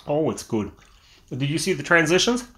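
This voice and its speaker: A man's voice: on the high side, very animated, moderate pace, fairly bright tone. Chatty man reviewing whisky on camera. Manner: enthusiastic, chatty, with filler restarts. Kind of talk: casual video review. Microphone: camera mic.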